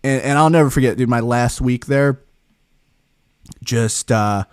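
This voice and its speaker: A man hosting a podcast, telling a casual story in an animated, laughing and profane way. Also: mid-range voice, a little slow, smooth, dry recording, studio quality. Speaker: podcast host.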